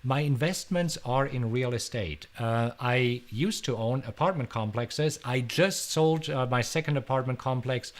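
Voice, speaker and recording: A middle-aged man from Germany with a German accent, hosting a live stream and answering viewer questions in an energetic, chatty way that repeats words. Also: mid-range voice, unhurried, few pauses. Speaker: host.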